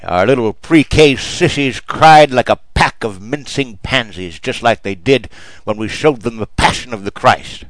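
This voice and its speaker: A man's voice: mid-range voice, measured pace, dry recording, poor audio. Guy doing a fake sermon, preachy storytelling, mid voice, dry close sound. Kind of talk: mock sermon.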